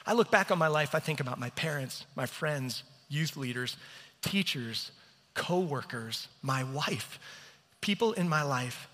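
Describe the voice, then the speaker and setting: A man's voice: on the high side, expressive, a little slow, sharp tone. A man preaching a sermon as pastor, telling stories on himself in an earnest, self-deprecating way. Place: church hall. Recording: reverberant church hall.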